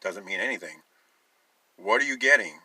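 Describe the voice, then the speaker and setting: Forceful low-voiced man preaching. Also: lively intonation, moderate pace, breathy edge, dry recording, poor audio. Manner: emphatic, urging, rhetorical questions; wry, sarcastic edge. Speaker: Christian teacher. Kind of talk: sermon-style monologue.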